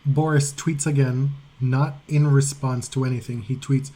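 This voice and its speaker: Relaxed man co-hosting a podcast. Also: medium pitch, unhurried, hardly any pauses. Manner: conversational, retells stories, reads tweets aloud. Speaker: podcast co-host. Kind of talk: casual podcast chat.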